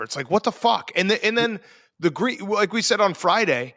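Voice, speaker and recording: A male sports podcast host chats casually and gets worked up, swearing and tossing in quick asides. His voice is bright and forceful, a bit above average pitch, and recorded dry and close to the mic. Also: lively intonation, no room sound.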